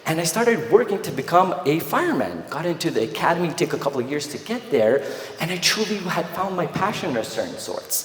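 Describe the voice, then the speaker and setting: A man from Quebec, Canada in his thirties giving a motivational keynote, animated storyteller acting out dialogue on stage. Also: fairly high pitch, fast talker. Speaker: keynote speaker. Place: large event hall on stage. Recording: echoey hall with long reverb, faint noise.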